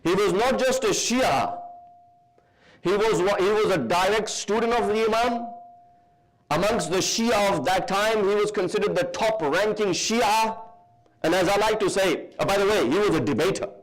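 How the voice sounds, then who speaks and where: A man from the UK giving a sermon in a large hall, telling a religious story with lively emphasis and Arabic terms mixed in. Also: sits high, moderate pace. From United Kingdom. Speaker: preacher.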